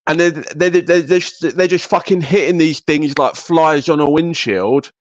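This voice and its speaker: A man's voice: fairly high pitch, normal speed, no echo, muffled recording. A man hosting a casual podcast chat, asking lots of curious questions and swearing casually. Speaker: podcast host.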